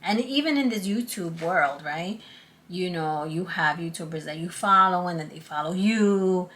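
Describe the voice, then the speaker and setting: A woman's voice: lowish voice, moderate pace, fairly bright tone, a little hiss or hum. A middle-aged woman chatting earnestly to her channel's viewers, acting out past conversations as she goes. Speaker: YouTube channel host. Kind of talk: casual talk to camera.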